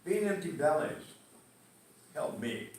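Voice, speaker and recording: A man's voice: a little high, lively intonation, slow pace, a little mellow, distant mic, a little hiss or hum. A man speaking emotionally at a community meeting, stressing points with a repeated "okay?". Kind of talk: public testimony at a meeting. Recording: echoey hall, picked up from afar.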